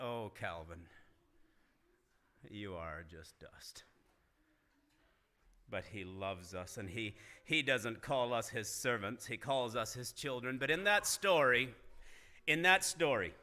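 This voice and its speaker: Bright-voiced male pastor preaching. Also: medium pitch. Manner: earnest preaching, rising emphasis in retold dialogue. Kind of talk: sermon. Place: church sanctuary.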